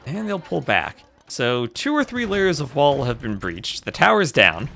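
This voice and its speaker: Lively gravelly male game caster. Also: medium pitch, a little slow, slight background noise. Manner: chatty, thanks viewers between plays. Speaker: tournament host and caster. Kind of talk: live-streamed esports commentary.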